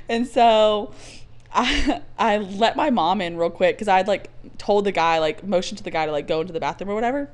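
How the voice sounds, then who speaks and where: A woman co-hosting a casual talk show, telling stories in a profane, animated way. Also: fairly low pitch, quick pace, few pauses. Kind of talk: casual chat, storytelling.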